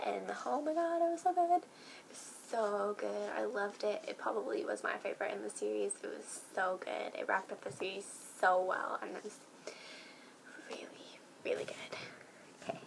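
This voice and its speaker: A young woman talks in a casual vlog, bubbling with excitement and peppering her speech with fillers. Her voice carries a gravelly vocal fry at a middle pitch, over a faint background hiss. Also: moderate pace, rough recording. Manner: gushing, excitable, many fillers. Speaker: book vlogger.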